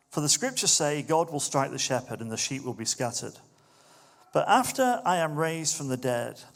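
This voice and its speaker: A man preaching a sermon in a relaxed, conversational way, turning lively when he acts out what others say. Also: medium pitch, creaky. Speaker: pastor.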